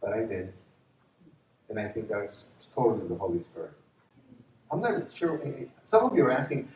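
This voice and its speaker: Animated pastor, echoey distant hall sound. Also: male voice, on the low side, normal speed, long pauses, a little hiss or hum. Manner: animated, laughs through his stories. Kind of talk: storytelling sermon.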